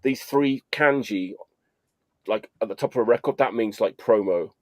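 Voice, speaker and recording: A man's voice: lowish voice, moderate pace, a little mellow, no echo. A man hosting a podcast, chatting about records in a loose, enthusiastic way with casual swearing. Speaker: podcast host. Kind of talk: casual record-collector chat.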